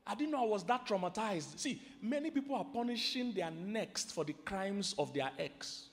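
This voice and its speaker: A man with a Nigerian accent preaching a sermon to a live audience, animated and quizzing the crowd. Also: sits high, moderate pace, hardly any pauses. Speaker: pastor and relationship teacher. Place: large hall with a live audience. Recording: long hall reverb.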